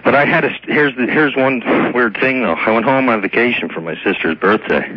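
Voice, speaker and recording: A man's voice: mid-range voice, no room sound. Hesitant Cape Breton man calling in. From Cape Breton Island, Nova Scotia. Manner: halting, hesitant, earnest. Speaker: radio caller. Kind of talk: phone-in conversation. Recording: dull lo-fi broadcast sound.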